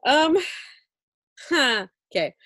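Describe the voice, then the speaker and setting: A woman co-hosting a casual podcast chat, telling an animated story full of laughter. Her pitch sits a little high and swings widely. The sound is very dry and close. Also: very slow, no room sound. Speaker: podcast co-host.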